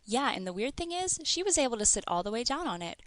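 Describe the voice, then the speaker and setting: A woman voicing a distraught, tearful grown man in an audiobook, read in a flat, even way. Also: a little high, quick pace, dry recording, pitched above the performer's own voice.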